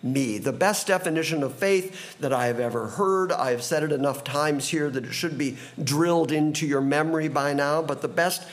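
A man preaching a verse-by-verse sermon as pastor, earnest and emphatic, stacking repeated phrases and slowing to stress key words. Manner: slows down and rises in pitch on key phrases. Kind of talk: expository sermon.

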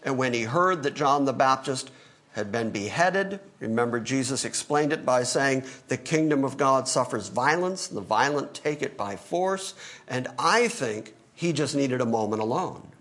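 A man's voice: medium pitch, expressive, moderate pace, a bit bright. A male pastor teaching through a Bible passage in an emphatic sermon, acting out the quoted lines. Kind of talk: expository sermon.

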